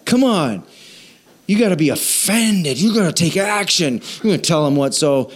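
Lively, high-pitched preaching man. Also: moderate pace. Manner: animated, jokey, acts out quoted voices, asks the audience. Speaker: pastor. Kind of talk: sermon.

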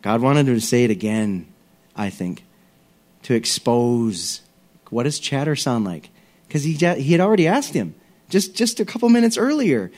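A male pastor preaches in a relaxed, conversational way. His voice drops soft for quiet moments and lifts for emphasis, and now and then he slips into acted voices. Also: medium pitch, normal speed. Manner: conversational, acts out voices, varies loudness. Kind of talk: sermon.

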